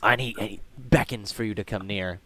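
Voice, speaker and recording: A man's voice: lowish voice, brisk, bright, forceful tone. A man narrating a tabletop game as game master, in a loose, chatty way with fillers.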